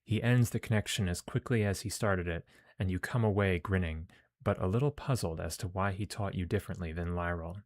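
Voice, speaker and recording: Low-ish guy streaming a game, reads the story out, mumbles little asides. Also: a little fast. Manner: muttering asides, casual. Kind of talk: let's play, reading game text aloud.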